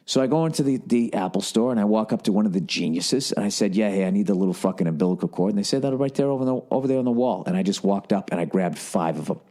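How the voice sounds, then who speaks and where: A man rambling through a comic story on a podcast, profane and self-mocking, jumping up in pitch when he quotes people. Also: lively intonation, fast talker, few pauses, warm tone. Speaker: comedian podcast host.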